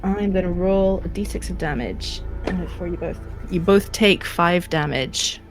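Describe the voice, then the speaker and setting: A woman with a low voice runs a tabletop game, hesitating often and filling her pauses. Faint music plays behind her. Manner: hesitant, many fillers. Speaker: game master.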